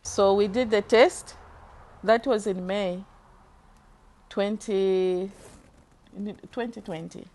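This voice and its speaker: A middle-aged woman tells her faith testimony in an interview, earnest and deeply moved. She speaks slowly and deliberately, with a voice of ordinary pitch for a woman. Her delivery is sincere and heartfelt throughout. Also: fairly even intonation, darkish tone. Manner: earnest, slow and heartfelt, moved to tears at times. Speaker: church member giving a testimony.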